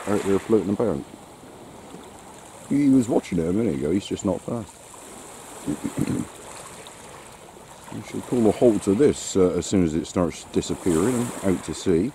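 A man's voice: low-pitched, warm tone, a little hiss or hum. A man with a dry, wry way of talking, chatting casually to his dog on a walk outdoors. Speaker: dog-walking vlogger. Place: outdoors on a wet shore and woods.

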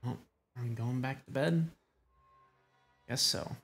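A man's voice: medium pitch, slow pace, a bit bright, husky, faint music behind. A young man giving casual let's-play commentary, reacting with crude, sarcastic jokes. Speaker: gaming voice-over streamer.

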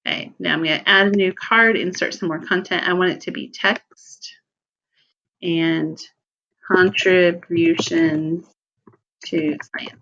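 A woman giving a relaxed screen-recorded software tutorial, thinking aloud with fillers and small self-corrections. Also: fairly low pitch, normal speed, creaky, dull audio.

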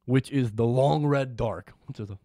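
A man's voice: medium pitch, normal speed, dark tone, no room sound. A man hosting a casual podcast chat, who swears freely, laughs often and retells scenes with energy. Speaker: podcast host.

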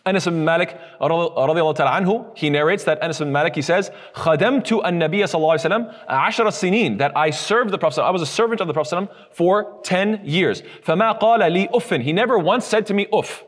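A man teaching a recorded lesson on a hadith, animated, sometimes acting out scoffing voices. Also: sits high, very fast, few pauses. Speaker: Islamic teacher. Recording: long hall reverb.

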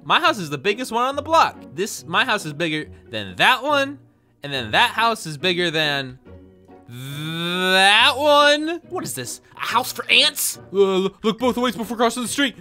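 Lively bright-voiced young man gaming. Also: sits high, a little slow, soft background music. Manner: animated, jokey, talks to himself, sudden yelps. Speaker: gaming YouTuber. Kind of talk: playful let's-play commentary.

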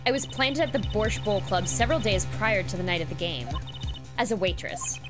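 A woman voicing a sly female card dealer in a put-on bad Russian accent, gruff and clipped, for a game read-through. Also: mid-range voice, animated, moderate pace, pitched below the performer's own voice, lightly acted. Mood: grudging. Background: music.

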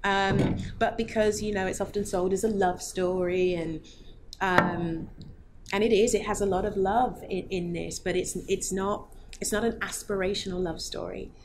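A woman film director giving a thoughtful junket interview, pausing and restarting her sentences as she works through her thoughts. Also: medium pitch, fairly even intonation, noisy background. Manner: thoughtful, halting, many restarts.

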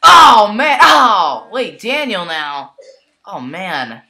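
Excitable woman calling a toy wrestling match. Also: medium pitch, drawn-out words, gravelly. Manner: excitable, keeps exclaiming and addressing the folks. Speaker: play-by-play commentator. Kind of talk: mock wrestling commentary over a toy match.

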